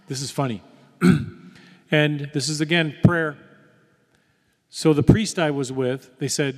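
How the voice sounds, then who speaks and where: A man's voice: on the high side, measured pace, long pauses, a little mellow. A man giving a testimony talk in a church hall, telling his story and acting out the quoted dialogue. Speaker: guest speaker. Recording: reverberant hall.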